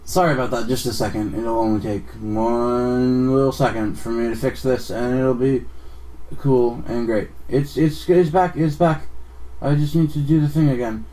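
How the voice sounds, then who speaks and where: A man's voice: mid-range voice, steady tone, normal speed, dark tone. A young man streaming a video game live, flustered and apologetic, swearing at technical trouble and joking at his own expense. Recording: distant mic with faint music.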